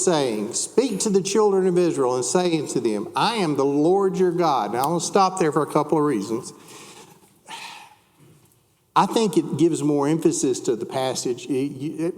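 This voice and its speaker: A man's voice: a little high, a little mellow, long reverb tail. A man teaching a church Bible class, chatting with the class, asking them questions and reading scripture aloud.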